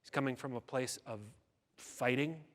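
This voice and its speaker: In a hall with lengthy reverb, a male keynote speaker tells a story with dramatic flair, quoting its characters in their own voices. His pitch is medium, his tone steady, and his pace normal.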